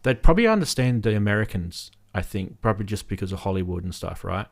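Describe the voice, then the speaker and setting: A man's voice: lowish voice, sing-song, quick pace, gravelly. A man with a light Australian accent, hosting a casual live-stream chat and rambling with many ums. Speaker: host.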